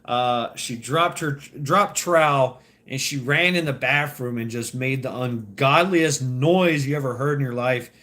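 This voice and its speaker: A man's voice: mid-range voice, unhurried, few pauses, bright, forceful tone. A man telling crude stories in a rambling, profane vlog rant, laughing between lines. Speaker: vlogger. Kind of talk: casual storytelling rant.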